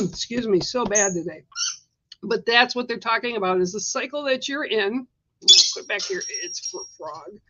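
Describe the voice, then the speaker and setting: A woman giving a livestreamed oracle card reading with a gentle, reassuring manner, coughing now and then. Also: fairly high pitch, expressive, measured pace, creaky, dull audio, background noise. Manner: gentle, reassuring, coaxing with "right?" and "okay?". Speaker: spiritual card reader.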